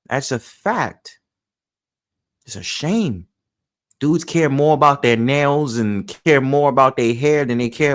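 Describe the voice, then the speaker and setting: A man's voice: a little high, a bit bright. Blunt, opinionated New man. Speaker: livestream host. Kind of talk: casual livestream talk.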